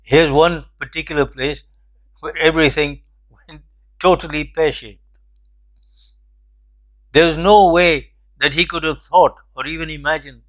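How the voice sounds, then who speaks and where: An older man hosting a commentary show, telling a personal anecdote in a measured, reflective way. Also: on the high side, fairly bright tone. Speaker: host. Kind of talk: storytelling commentary.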